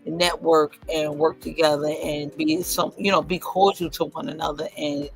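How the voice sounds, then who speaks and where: A woman's voice: deep voice, moderate pace, gravelly, soft background music. A woman hosting a livestream in casual chat, speaking, emphatic and profane, telling stories with lots of energy. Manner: emphatic, profane, animated storytelling. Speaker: livestream host.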